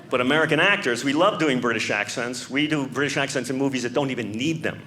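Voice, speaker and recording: A man's voice: mid-range voice, quick pace, hardly any pauses, crowd noise. Wry male stand-up comedian, live club. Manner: wry, mocking observational delivery. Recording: live comedy club, audience laughter and noise.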